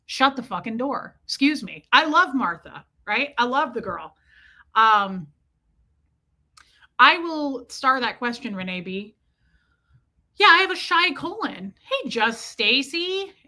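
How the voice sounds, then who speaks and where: A woman with a slightly high, bright, pushed voice speaks slowly, with wide pitch swings and long pauses. She's hosting a casual livestream, telling a frank and crude comic story while greeting viewers by name between beats.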